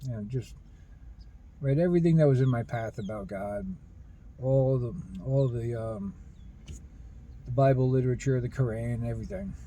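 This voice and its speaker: Guy rambling earnestly, stops and restarts a lot, really dark mellow voice, bit of noise behind. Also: mid-range voice, rough recording. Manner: halting, many restarts and fillers, earnest. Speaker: spiritual video host. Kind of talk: rambling personal monologue.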